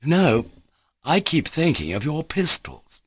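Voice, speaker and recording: A man's voice: on the high side, sing-song, measured pace, slightly rough, no echo, clean studio sound, voice pushed up, full character voice. A man voicing an irritable, scolding young official. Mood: irritated. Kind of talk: audiobook reading.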